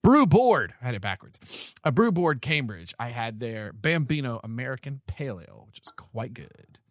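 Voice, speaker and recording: A man hosting a casual podcast chat, talking in an animated, rambling way and often correcting himself mid-sentence. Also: mid-range voice, normal speed, dry recording, studio quality. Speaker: podcast host. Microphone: remote call mic.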